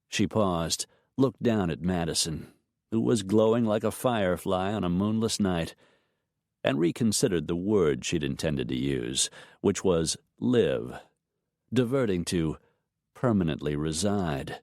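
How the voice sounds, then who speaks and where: Low-voiced male audiobook narrator, unhurried with animated pitch. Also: no echo, clean studio sound. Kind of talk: scripted narration.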